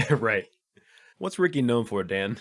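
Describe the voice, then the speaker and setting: A man's voice: medium pitch, big pitch swings, slow. A young man co-hosting a casual film podcast, laid-back and rambling, swearing and laughing often. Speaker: podcast co-host.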